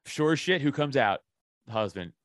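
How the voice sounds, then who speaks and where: A young man telling a story in casual chat, profane and animated, acting out the voices of the people in it. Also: medium pitch, normal speed, no room sound, clean studio sound. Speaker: podcast guest.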